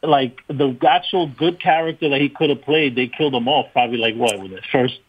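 A man from New York calling in to a radio show, chatting excitedly and swearing. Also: mid-range voice, fairly quick, breathy edge. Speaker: caller. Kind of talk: casual phone-in chat. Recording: muffled phone line.

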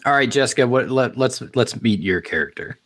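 A man's voice: mid-range voice, expressive, brisk, a bit bright. A man hosting and running a tabletop game as game master, upbeat and loose with many fillers.

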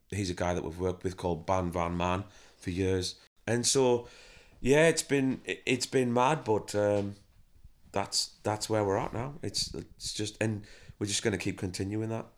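A deep-voiced man chats casually about running his band. He tells stories freely and acts out quotes as he goes. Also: unhurried. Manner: chatty, animated storytelling with acted-out quotes. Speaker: band member and manager, guest. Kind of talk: casual interview chat.

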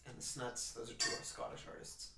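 A man's voice: fairly quick, bright, forceful tone, faint music behind. A young man co-hosting a podcast in casual chat, rambling and restarting his sentences. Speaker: podcast co-host. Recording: roomy, distant mic.

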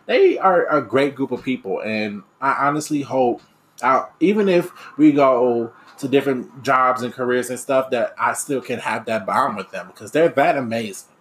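Young man, personal reflective monologue, candid, rambling, fillers and restarts, mid-range pitch. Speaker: aspiring radio DJ and podcaster.

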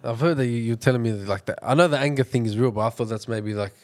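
Quick-talking male interviewer. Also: medium pitch. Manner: short incredulous questions. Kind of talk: casual interview chat.

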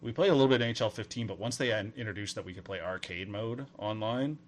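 A man in his thirties from Atlantic Canada, co-hosting a gaming podcast in animated casual chat. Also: fairly low pitch. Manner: animated, quick, laughs often. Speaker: podcast co-host.

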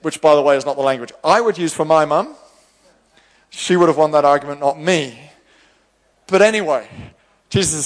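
Animated male preacher, higher-pitched voice. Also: moderate pace, long pauses, in a large hall. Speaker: pastor. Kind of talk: sermon.

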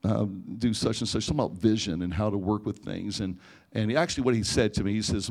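Low-voiced middle-aged male pastor preaching. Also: fast talker. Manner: animated, rising to near-shouting in emotional parts, frequent restarts. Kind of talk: storytelling sermon. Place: church or conference hall before a live audience.

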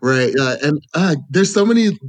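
A man hosting a podcast, chatting in a relaxed way and laughing between phrases. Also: on the high side, normal speed. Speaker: podcast host. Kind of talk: casual chat.

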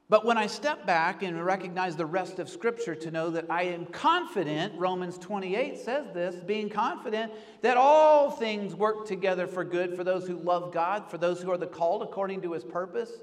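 High-voiced man preaching in a reverberant hall. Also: animated, moderate pace. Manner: earnest, swings from raised pleading to hushed reflection. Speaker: pastor. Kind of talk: sermon.

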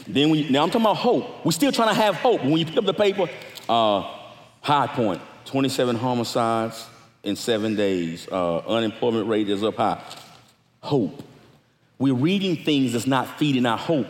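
A man preaching a sermon, talking casually with the congregation and then rising into shouts. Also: mid-range voice, expressive, moderate pace. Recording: echoey hall with long reverb.

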